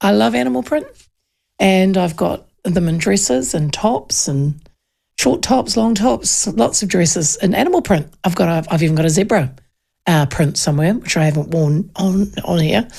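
A woman's voice: lowish voice, expressive, moderate pace, vocal fry, a little mellow. A middle-aged woman with a New Zealand accent, hosting a radio show and telling stories in casual chat, often laughing. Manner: chatty storyteller who laughs often.

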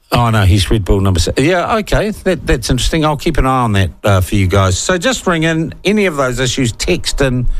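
A man with a New Zealand accent hosting talkback radio, bluntly chatting and reading out listener texts. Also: medium pitch. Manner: blunt, irreverent, reads listener texts aloud. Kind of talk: opinionated talkback radio chat.

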